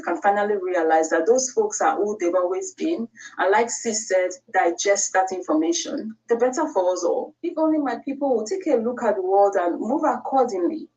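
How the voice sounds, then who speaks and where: A woman's voice: fairly high pitch, a little mellow, a little hiss or hum. A woman giving spoken commentary directly, appealing to her listeners. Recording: distant from mic.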